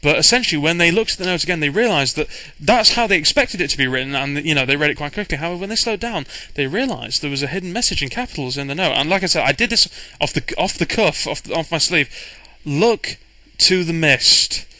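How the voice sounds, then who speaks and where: A man's voice: on the high side, lively intonation, fast, hardly any pauses, sharp tone, dry recording, poor audio. A man, a game master, casually recounting his tabletop campaign in a rambling way, with frequent restarts and fillers. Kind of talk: casual storytelling recap.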